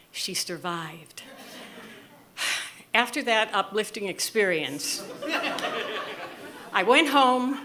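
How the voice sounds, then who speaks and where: Slow, clearly enunciating older woman storyteller. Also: medium pitch. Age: 60s. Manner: animated, enunciating, comic timing. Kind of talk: live storytelling.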